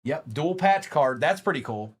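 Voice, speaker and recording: A man's voice: on the high side, normal speed, breathy edge. A man hosting a live trading card break stream, calling out each card and chatting casually with viewers. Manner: animated, calls out cards while chatting with viewers.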